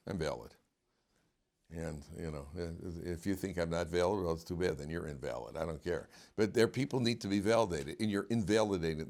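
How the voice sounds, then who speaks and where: Rabbi teaching a lively class. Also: male voice, deep voice. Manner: animated, repetitive restarts, asks the class questions. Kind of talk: informal Torah class.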